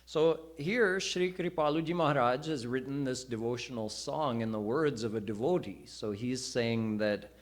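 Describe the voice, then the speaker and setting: A man preaching a live sermon, teaching in a measured way and telling parables. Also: mid-range voice. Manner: slow, deliberate teaching. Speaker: senior preacher. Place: temple hall.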